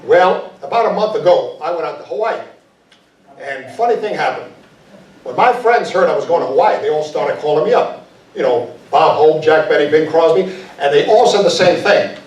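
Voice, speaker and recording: A man's voice: on the high side, expressive. A man crooning old-fashioned 1940s-style ballads and telling vaudeville jokes in a live show at a veterans home. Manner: quick, punchy joke delivery with chuckles. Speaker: singer and stand-up comic. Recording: roomy live hall, mic at a distance, with band.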